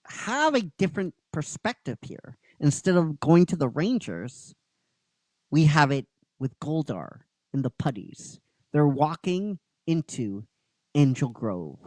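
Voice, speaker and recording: A male host casually retelling a story with a lively, swinging pitch and an unhurried pace. He halts and restarts often and drops the odd swear word, all sounding dry and close to the mic. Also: dry recording, poor audio. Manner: halting, with restarts, occasional swearing. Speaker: show host.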